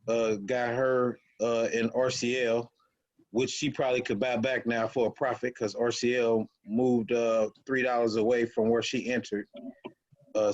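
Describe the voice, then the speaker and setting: A man's voice: medium pitch, dull audio. A man leading an online options trading group, explaining things casually while sharing his screen and often restarting his sentences. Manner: halting, many restarts and fillers. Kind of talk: casual teaching over a screen share.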